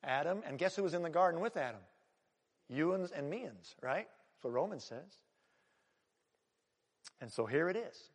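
A male pastor preaching a sermon in a church, animated, swinging between loud emphatic lines and hushed asides. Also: a little high, normal speed, breathy edge, in a large hall.

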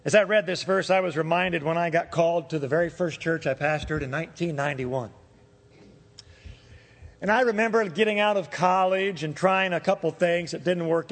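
Man, middle-aged, pastor, animated sermon storytelling, high-pitched, long hall echo. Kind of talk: sermon with personal stories.

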